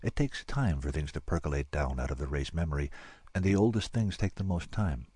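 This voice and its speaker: A man narrating a science fiction story in a measured, wry way. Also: rumbling low, lively intonation, warm tone, breathy edge, no echo. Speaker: audiobook narrator. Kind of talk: scripted narration.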